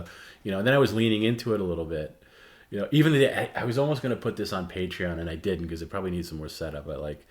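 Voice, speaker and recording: Man, low voice, casual livestream co-host, soft-spoken and halting. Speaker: show co-host.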